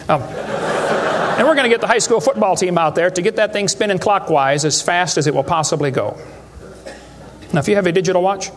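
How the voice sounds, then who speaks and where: A man's voice: high voice, noisy background. A man speaking to a live audience, giving a humorous lecture in a folksy, joking way with rhetorical questions.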